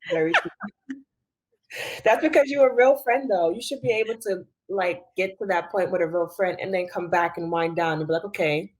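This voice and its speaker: A woman's voice: on the low side, moderate pace. A woman co-hosting a casual podcast chat, frank and emphatic as she gives advice. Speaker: podcast co-host.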